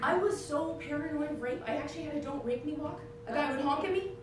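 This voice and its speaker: High-voiced woman comic on an echoey stage. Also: fast, over a noisy crowd. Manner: animated, bursts into song and mock voices. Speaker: stand-up comedian. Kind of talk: solo comedy show. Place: theater stage. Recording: distant, echoey stage recording with music.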